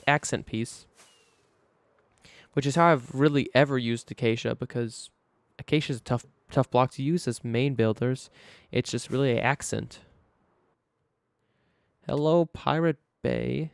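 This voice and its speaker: A man's voice: mid-range voice, smooth, dry recording, clean studio sound. A man live-streaming a building game, chatting casually and thinking aloud to himself as he works.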